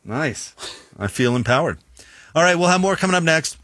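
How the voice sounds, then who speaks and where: A man's voice: fairly high pitch, lively intonation, moderate pace, bright, forceful tone, no echo. A man hosting a sports radio show who chats in a casual, joking, conversational way.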